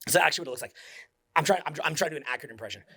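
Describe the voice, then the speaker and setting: A man's voice: fairly high pitch, lively intonation, rapid-fire, pushed and bright, husky. A man in his forties, a social skills coach, giving an intense, profane motivational speech that drops to near-whispers. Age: 40s.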